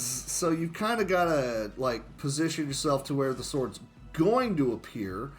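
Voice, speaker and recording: Male runner, mid-pitched, loose self-mocking commentary over quiet game music. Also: sing-song, unhurried, few pauses. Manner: chatty and self-mocking, with frequent chuckles. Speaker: speedrunner commenting on his run. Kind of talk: casual gameplay commentary.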